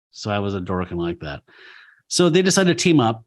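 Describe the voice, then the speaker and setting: A man's voice: on the low side, very animated, fairly quick. A man in his forties co-hosting a podcast, recapping a comic in casual chat, swearing freely, laughing and acting out the characters' lines. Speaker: podcast co-host.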